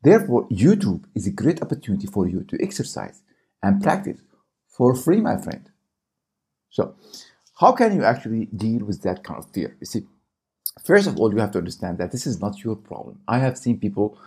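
Lively, husky-voiced man giving advice. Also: lowish voice, a little fast. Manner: coaching, keeps checking in with "okay?" and "right?". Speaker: small business YouTuber. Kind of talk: direct-to-camera advice vlog.

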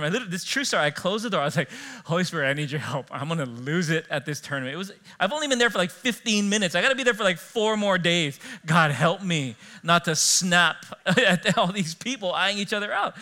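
A middle-aged pastor preaches in a quick, bright voice that sits a little high for a man. He talks to the congregation in an animated, conversational way, full of stories and asides. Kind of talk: sermon. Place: church.

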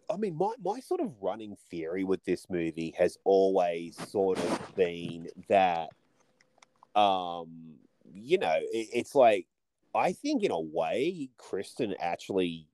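A man co-hosting a casual podcast chat, rambling and swearing through animated stories. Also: deep voice, no room sound. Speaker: podcast co-host.

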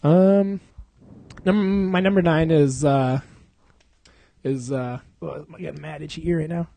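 A man's voice: on the high side, unhurried, gravelly, warm tone. A young man co-hosting a podcast in casual chat, rambling, slangy and laughing often. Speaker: podcast co-host.

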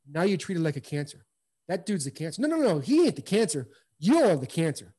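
A man's voice: high-pitched, darkish tone. A man telling a story in a casual chat, blunt and emphatic, with slang and repeated words. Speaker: former baseball player as guest.

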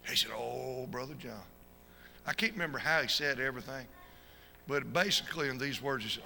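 A man preaching a fervent sermon as an evangelist, swinging from shouted peaks to quiet storytelling. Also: mid-range voice, fairly quick, gravelly. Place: church sanctuary. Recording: reverberant church hall with faint noise.

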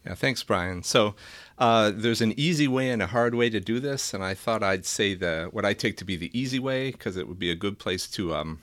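A man with a deep, low voice co-hosts a podcast in a casual academic discussion. He explains slowly and thoughtfully, stopping often with fillers and restarts. The sound is close and dry, with no room around it. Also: a bit bright, no room sound. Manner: thoughtful, hesitant, with frequent fillers. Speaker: podcast co-host.

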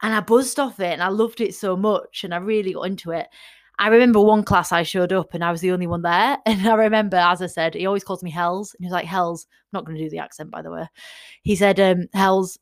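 Chatty enthusiastic woman in her thirties. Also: lowish voice. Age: 30s. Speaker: fitness vlogger. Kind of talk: casual personal storytelling.

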